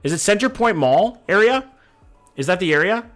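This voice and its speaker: A man's voice: high voice, animated, normal speed, a bit bright, soft background music. A man in his thirties, a streamer from Vancouver, swearing casually as he chats with viewers while guessing locations. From Vancouver, Canada. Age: 30s. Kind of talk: live-stream commentary, reading chat.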